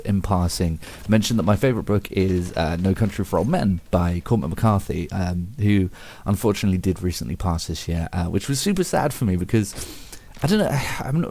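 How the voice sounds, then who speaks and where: A man with a very low voice talks casually about a book he loves. He rambles, restarts his sentences and chuckles at his own slips, like a relaxed video host. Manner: rambling, many fillers and restarts, self-amused. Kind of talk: casual spoken book commentary.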